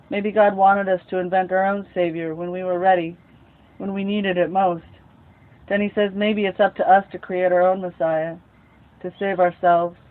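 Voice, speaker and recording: A man hosting a story time show, reading a novel aloud in a casual, unhurried way with lively bursts. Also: sits high. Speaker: storyteller host. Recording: tinny phone-like sound.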